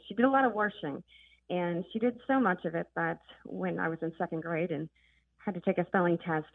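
A woman's voice: medium pitch, no echo. Woman calling in over a tinny phone line. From northern Minnesota. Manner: chatty, storytelling with small laughs. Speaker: caller. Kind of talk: phone call to a radio show.

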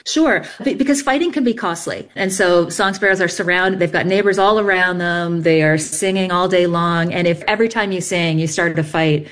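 A woman's voice: on the low side, normal speed, few pauses, fairly bright tone. A woman researcher patiently explaining bird behavior step by step in an interview. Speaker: bird song researcher guest.

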